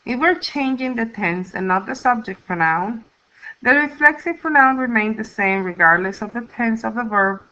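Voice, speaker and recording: A woman gives a recorded lesson, laying out grammar rules step by step in a patient, deliberate teacher's voice. Her tone is bright and forward, and the recording sounds dull and lo-fi. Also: mid-range voice. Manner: slow, clear teacher's explanation, sounding out syllables. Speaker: Spanish teacher.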